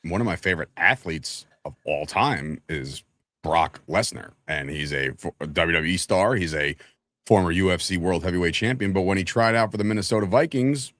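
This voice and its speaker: Low voiced dude co-hosting a sports podcast, dry mic, animated storyteller. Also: male voice, normal speed, no room sound. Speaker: co-host. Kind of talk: casual sports chat.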